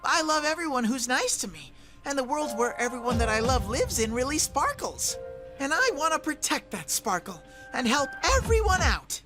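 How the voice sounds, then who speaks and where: A bubbly, caring bear mascot from a video game talks in a high, bouncy voice, as a woman acts it out. Clear game music runs under every line. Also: very animated, normal speed. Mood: earnest. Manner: bubbly, earnest. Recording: game audio over music.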